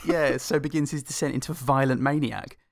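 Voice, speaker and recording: A man co-hosting a movie podcast, chatting casually and laughing often. His voice sits at a middle pitch. It is recorded close and dry, with no room sound. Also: steady tone, a little fast, creaky, no echo. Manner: laughing, dry jokey asides. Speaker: podcast co-host. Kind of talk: casual film-review chat.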